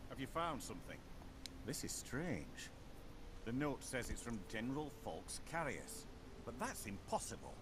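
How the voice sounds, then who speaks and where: An earnest dark elf captain. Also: male voice, mid-range voice, huge pitch swings, a little slow, noisy background. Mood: serious. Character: steady male dark elf guard captain. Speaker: guard captain.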